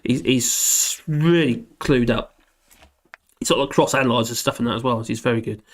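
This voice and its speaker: A hoarse man rambling and joking through a casual livestream chat, reading out comments. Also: mid-range voice, moderate pace. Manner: rambling, self-deprecating, laughs often. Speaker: livestream host.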